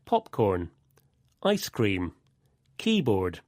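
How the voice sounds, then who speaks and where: A man co-hosting a scripted English vocabulary lesson, explaining in a clear, deliberate way. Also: on the low side, wildly swooping pitch, darkish tone, no echo, studio quality. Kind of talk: scripted teaching dialogue.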